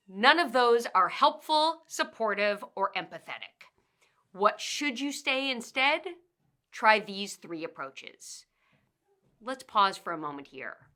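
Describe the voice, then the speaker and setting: Bright-voiced woman explaining workplace advice. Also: medium pitch, lively intonation. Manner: measured, explanatory delivery with listed points. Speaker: workplace communication trainer and author. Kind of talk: instructional narration.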